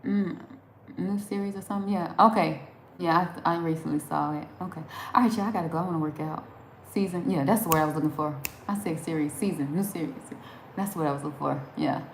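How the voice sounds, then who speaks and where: A woman's voice: low-pitched, quick pace, creaky. Chatty woman live streaming, Southern accent. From New Jersey. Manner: chatty, rambling, laughs often. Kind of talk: casual chat reading viewer comments. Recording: echoey room with faint background noise.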